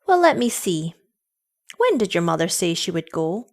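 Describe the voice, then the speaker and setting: A woman voicing a cool, scornful young village girl who speaks in a measured, superior way. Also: on the low side, sing-song, darkish tone.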